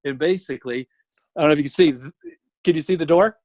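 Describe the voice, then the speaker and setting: A man's voice: a little high, fast, no echo, rough recording. A man, a comedian telling stories as a podcast guest over a video call and acting out the voices in them. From Alabama, USA. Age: 40s. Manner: animated storyteller who acts out voices. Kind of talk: casual storytelling chat. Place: home room with closet door. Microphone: video call with camera and ring light.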